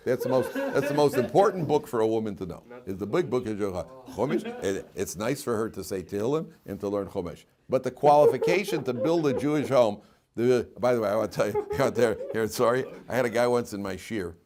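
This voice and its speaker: A man, a rabbi teaching a lively class and telling stories, laughing often and repeating himself. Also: medium pitch, a little fast, a crowd in the background.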